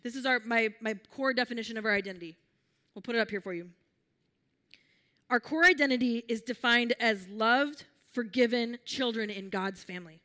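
A woman preaching a sermon in an earnest, gentle, conversational way, often restarting her phrases and leading listeners through a guided imagination exercise. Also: a little high.

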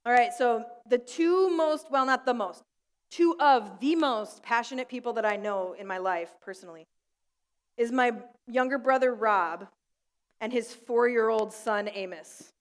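A woman's voice: fairly high pitch, a little slow, clear, resonant tone, long reverb tail. A young adult woman pastor giving a prayer and sermon in a school room, telling stories with light laughter. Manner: warm storytelling with light laughs. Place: school room used for church.

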